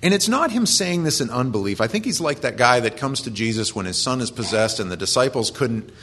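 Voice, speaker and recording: A man's voice: medium pitch, brisk, a bit bright, slight background noise. A man preaching a conversational sermon, earnest and plain-spoken as he quotes and explains scripture.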